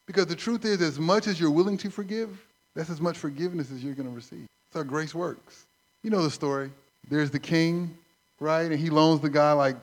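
A man preaching a sermon, conversational and animated, acting out stories. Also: fairly high pitch. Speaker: pastor.

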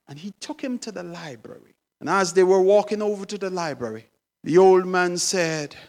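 A woman's voice: mid-range voice, moderate pace. A woman preacher telling a story in an emphatic, dramatic sermon style.

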